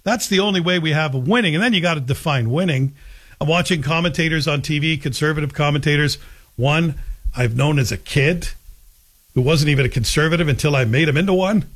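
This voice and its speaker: A man hosting a talk show, delivering a blunt, sarcastic, animated opinion monologue. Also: on the high side, a little fast. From Canada. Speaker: radio talk show host.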